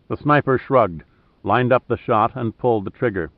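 A man narrating a thriller audiobook in a steady, measured way. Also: medium pitch, no echo. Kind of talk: scripted narration. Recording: dry, tinny phone-like sound.

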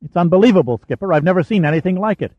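A man voicing an excited male naval officer who reads out depth soundings with breathless urgency. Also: a little high, a little fast, no echo, muffled recording, voice pushed up, close to an everyday voice. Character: excited male sonar officer at chart table.

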